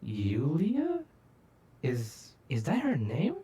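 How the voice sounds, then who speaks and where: A woman's voice: rumbling low, huge pitch swings, very slow, dark tone, heavily acted. A woman voicing a playful, flirty female fox animatronic with a teasing, affectionate manner.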